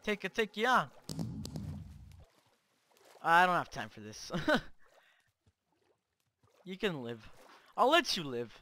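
A man hosting Minecraft gameplay commentary on a cheap microphone, excitable and boastful, trash-talking as he plays. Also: high voice, slow pace, pauses often. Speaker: gaming channel host.

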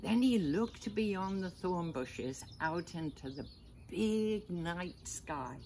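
An older woman, a grandmother, reading a picture book aloud to children in a gentle way, pausing to ask them little questions. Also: lowish voice, expressive, a little hiss or hum. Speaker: storyteller grandmother.

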